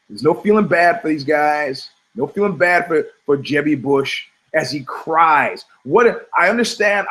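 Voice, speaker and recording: A man's voice: on the high side, fairly bright tone, rough recording. A middle-aged man hosting a podcast, telling rambling, profane stories in a sardonic, comedic monologue. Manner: profane, sardonic, storytelling with quoted voices. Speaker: podcast host.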